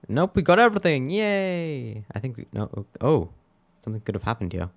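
A man's voice: medium pitch, sing-song, moderate pace, creaky. A young man giving casual let's play commentary, muttering wry reactions to a game. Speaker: gameplay commentator. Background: game music.

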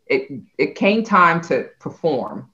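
A woman's voice: low-pitched, slow. Woman telling a story with lots of ups and downs in her voice, kinda dull lo-fi sound. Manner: animated, laughs while telling stories. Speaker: company CEO. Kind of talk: casual interview storytelling.

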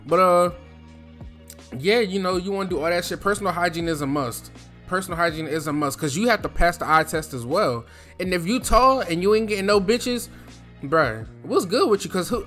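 Slangy young man, higher voice. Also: a bit bright. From New Jersey. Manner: slangy, loose and chatty, full of fillers; speaks from the throat on purpose. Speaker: vlogger giving advice. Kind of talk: casual advice monologue.

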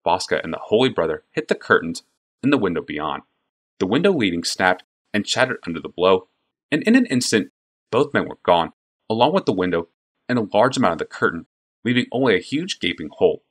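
A man narrates a fantasy novel with an expressive, storytelling delivery. His voice is deep, and his pitch moves lively through the action. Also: fairly quick, slightly rough. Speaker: audiobook narrator. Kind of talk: scripted narration.

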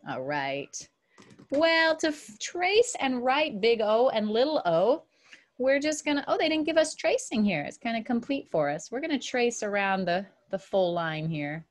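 A woman teaching kindergarten online, cheerfully sounding out letters slowly and talking to young children in a sing-song way. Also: medium pitch, very animated.

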